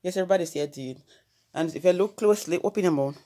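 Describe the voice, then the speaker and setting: A woman with a Jamaican accent talks casually in a home family vlog, coaxing and laughing as she slips between patois, English and French. Her voice sits a little low. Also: fast, mellow. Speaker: family vlogger.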